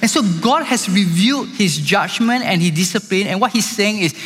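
High-voiced man preaching in a hall. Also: lively intonation, moderate pace, hardly any pauses, a bit bright, slightly rough, soft background music. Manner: preaching with call-outs to the congregation. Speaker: pastor. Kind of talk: sermon. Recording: hall reverb.

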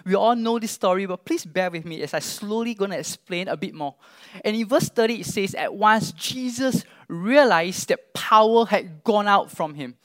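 A man's voice: sits high, brisk, few pauses, no echo. A man preaching a sermon, emphatic, asking the listeners questions directly and acting out the disciples' sarcastic lines.

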